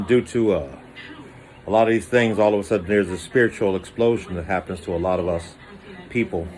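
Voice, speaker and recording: A man telling a rambling comic monologue in a slangy, animated way, jumping into high voices for quoted lines. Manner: animated, slangy, acts out voices with pitch jumps. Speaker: monologue storyteller.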